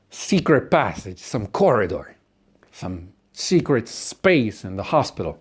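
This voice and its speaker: A man's voice: on the low side, sing-song, slow, husky. A man delivering a profane, sardonic comedic rant about philosophy and human existence. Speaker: monologuist.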